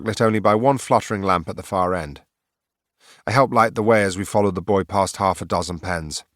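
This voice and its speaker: A man reading a fantasy audiobook in a wry, sardonic first person. His voice sits very low. The recording is dry and close. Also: a bit bright, no echo. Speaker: audiobook narrator. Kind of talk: scripted narration.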